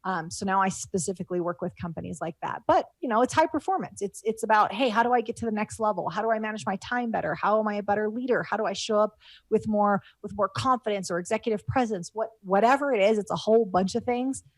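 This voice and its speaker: A woman's voice: mid-range voice, fast, no echo. A middle-aged woman telling stories as a guest in an interview. She rambles, with many fillers and restarts, and is moved to tears as she talks. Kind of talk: casual interview talk.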